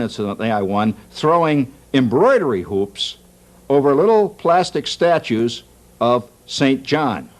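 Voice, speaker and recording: Wry lively-voiced talk show host. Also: male voice, medium pitch. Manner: jokey, wry, laughs at his own jokes. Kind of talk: comic monologue.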